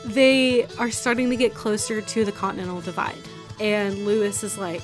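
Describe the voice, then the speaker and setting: A woman's voice: medium pitch, fairly even intonation, normal speed, music in the background. A woman hosting a comedic history podcast, telling events in a playful, jokey way. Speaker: podcast host.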